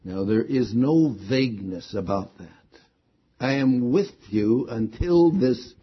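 A man's voice: medium pitch, animated, slow pace, breathy edge, muffled recording. A man preaching a sermon, stressing key words again and again with rising emphasis.

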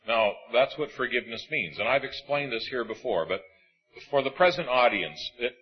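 A man preaching a sermon to a congregation in an auditorium, animated and acting out voices of the people in his stories. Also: medium pitch, moderate pace, husky, highs cut off.

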